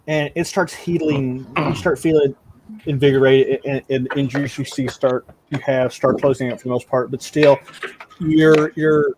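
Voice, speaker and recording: A man's voice: mid-range voice, darkish tone, slight background noise, rough recording. A man narrating as game master of a tabletop game, often stumbling over repeated words.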